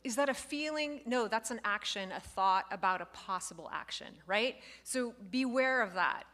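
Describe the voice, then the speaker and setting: A woman instructor giving a lively lecture to a live class, acting out example phrases as she goes. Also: a little high, moderate pace. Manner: lively, expressive, acts out quoted phrases.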